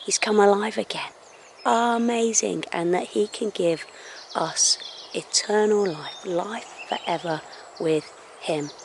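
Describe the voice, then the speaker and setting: A woman telling a story to schoolchildren outdoors at sunrise. She speaks in an animated way and drops to hushed tones at dramatic moments, recorded on a handheld phone. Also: mid-range voice, slow pace, vocal fry, slight background noise. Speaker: school assembly presenter. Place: outdoors on a hill at sunrise with a dog. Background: birdsong.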